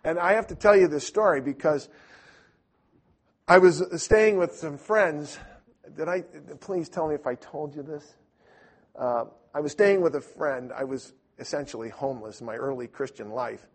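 A man teaching in a sermon style, telling a lively story and acting out voices, with loud bursts. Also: on the high side, moderate pace. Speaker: preacher.

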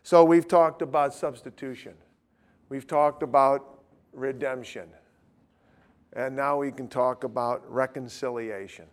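A man's voice: medium pitch, steady tone, unhurried. A man teaching a Bible study class in a blunt, informal way, often restarting his sentences. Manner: blunt, informal, self-interrupting.

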